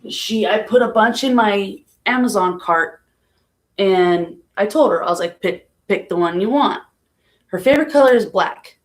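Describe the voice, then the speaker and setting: A woman talks casually into a home live stream at an ordinary middle pitch. She is soft-spoken and emotional, and she slips into small laughs through her sadness. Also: normal speed. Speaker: vlogger. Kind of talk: casual vlog, talking about grief.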